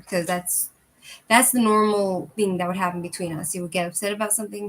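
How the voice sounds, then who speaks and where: A woman in her thirties telling a personal story in casual chat, rambling with fillers and breaking into laughs. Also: mid-range voice. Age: 30s. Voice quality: rambling, animated, frequent fillers. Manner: laughs between sentences. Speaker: channel host.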